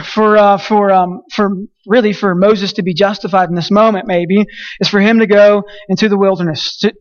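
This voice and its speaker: A man's voice: high-pitched, muffled recording. A man preaching a sermon as pastor, emphatic and repetitive, with frequent restarts.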